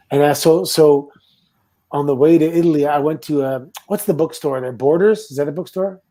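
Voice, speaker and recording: A middle-aged man from Canada, a former wrestler, telling stories in a relaxed, casual interview. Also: a little high, moderate pace. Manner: relaxed anecdotal storytelling with laughs and quoted voices. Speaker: guest, former pro wrestler.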